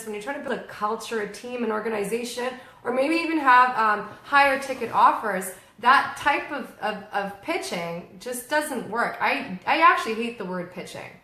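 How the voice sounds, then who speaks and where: A woman co-hosting a casual chat about online marketing, animated and often acting out what other people say. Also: fairly high pitch, normal speed, few pauses. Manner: animated, acts out quoted people. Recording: echoey room.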